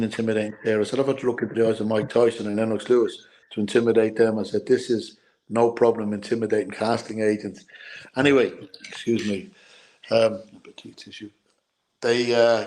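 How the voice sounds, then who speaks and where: A middle-aged man with an Irish accent tells his life story as an interview guest. He stumbles and repeats himself, and tears are never far off. His voice sits at an ordinary pitch for a man. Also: a little mellow. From Ireland. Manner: halting, repeats words, tearful at times. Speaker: guest, former boxer.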